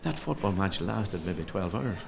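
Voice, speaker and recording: A man's voice: deep voice, lively intonation, measured pace, gravelly, a crowd in the background. A middle-aged man from Ireland with a Donegal Irish accent, chatting as a comedian guest in an interview, spinning anecdotes and stumbling over repeated words. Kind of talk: casual interview chat.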